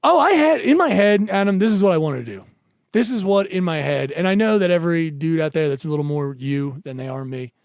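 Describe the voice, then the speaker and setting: A man's voice: fairly high pitch, expressive, a little fast, dry recording, clean studio sound. A man co-hosting a podcast from his bed at home, telling a story in heated, profane casual chat. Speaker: podcast co-host.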